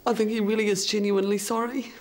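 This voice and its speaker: A woman's voice: mid-range voice, level tone, quick pace, a little mellow. A woman, speaking plainly as a mother about her son. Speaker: offender's mother.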